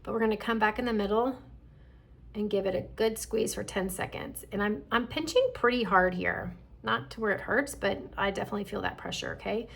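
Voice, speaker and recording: Gravelly husky woman teaching skincare. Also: mid-range voice, fairly quick. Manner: calm instructive, checks in with "okay?". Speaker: esthetician. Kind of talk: skincare demonstration.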